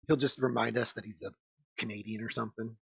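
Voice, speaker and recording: A man's voice: lowish voice, flat delivery, fast, creaky, breathy edge, no echo. A man on a casual podcast, rambling in crude banter with lots of fillers and swearing. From United States. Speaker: podcast co-host. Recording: dull lo-fi dry sound.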